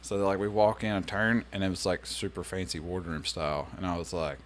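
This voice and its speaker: A young man, a Navy sailor, telling stories in a casual chat, animated and swearing as he acts out the dialogue. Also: deep voice, fairly quick, a little hiss or hum. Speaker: podcast guest, Navy sailor.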